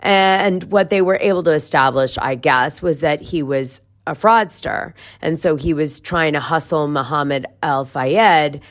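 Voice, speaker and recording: Female podcast host with a deep voice, chatty solo monologue that explains each step. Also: a little slow, few pauses. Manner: conversational, explains step by step with fillers.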